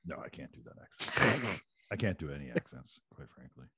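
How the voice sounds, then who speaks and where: A man's voice: rumbling low, big pitch swings, moderate pace, pushed and bright, slightly rough, no room sound. A middle-aged man from Newfoundland, Canada, co-hosting a casual video call chat, laughing often and poking fun at himself. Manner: laughs often, self-mocking. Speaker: co-host.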